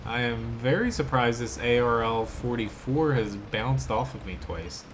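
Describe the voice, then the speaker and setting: This is live gameplay commentary from a South Jersey man with an American accent, delivered in a mid-range voice at a measured pace. There's slight background noise as he chats casually and responds to his chat between plays.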